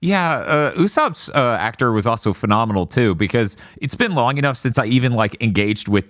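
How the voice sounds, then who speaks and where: A man's voice: medium pitch, lively intonation, brisk, a bit bright, no echo, clean studio sound. A man co-hosting a casual podcast, chatty and often laughing. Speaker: podcast co-host.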